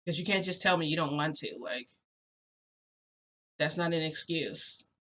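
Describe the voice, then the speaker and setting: A woman's voice: sits low, measured pace, fairly bright tone. A curt, bossy young man who lays down the rules, as a woman quotes him in her own voice. He is heard through a casual storytelling vlog. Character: stern, controlling young man.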